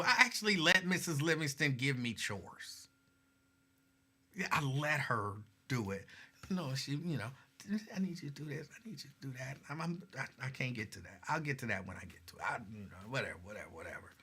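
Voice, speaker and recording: A man's voice: medium pitch, lively intonation, normal speed. A man hosting a live talk stream, chatting casually and reading viewer comments aloud in a laid-back, way. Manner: laid-back, chatty, signs off with warm advice.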